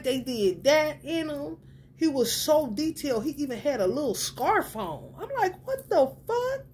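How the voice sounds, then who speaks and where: A woman chatting casually to her viewers as a tarot reader, animated and profane, breaking into excited retellings. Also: a little hiss or hum. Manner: animated, profane, swings into excited high-pitched retellings with laughter. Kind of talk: casual spiritual chat to viewers.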